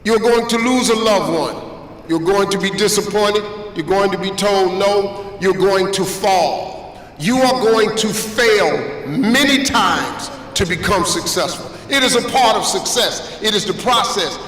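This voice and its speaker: A man's voice: sits high, unhurried, fairly bright tone, slight background noise. A man giving a motivational talk to students, emphatic and preacherly, repeating phrases for effect. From United States. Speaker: guest speaker. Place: large auditorium. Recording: echoey hall from far off.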